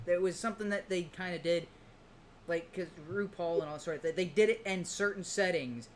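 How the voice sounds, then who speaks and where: A man with a fairly high voice rambles through a casual podcast chat, jumping into little acted-out quotes as he talks. A faint hiss sits under the recording. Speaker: podcast co-host.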